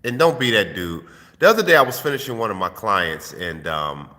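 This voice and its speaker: A man's voice: lowish voice, very animated, brisk, sharp tone, big-room sound. A man, host of his own channel, giving streetwise dating advice in a casual, profane vlog monologue into a phone. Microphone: phone held while filming.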